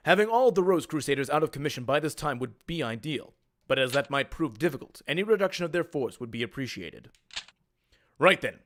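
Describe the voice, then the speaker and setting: A man with an Australian accent voicing a young prince in a deep, formal, commanding tone. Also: a bit bright, a little hiss or hum.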